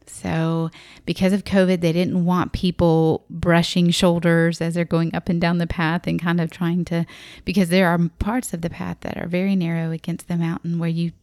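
Low-voiced woman telling a personal story. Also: flat delivery, moderate pace, darkish tone, no echo, studio quality.

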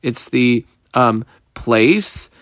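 A man's voice: mid-range voice, expressive, extremely slow, a bit bright, dry recording, studio quality. A man teaching a Talmud class. He explains the text in English, mixing in Hebrew and Aramaic terms, with frequent fillers.

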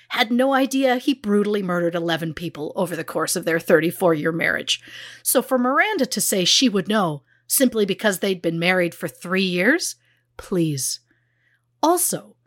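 A woman's voice: medium pitch, fairly bright tone, no room sound, studio quality. A woman co-hosting a true crime podcast, blunt and sarcastic as she recaps a case. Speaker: podcast co-host.

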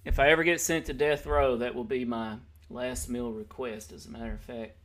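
A man's voice: medium pitch, steady tone, moderate pace, fairly bright tone, slight background noise. A man hosting a podcast in casual chat, joking and rambling as he teases his co-hosts. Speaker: podcast host.

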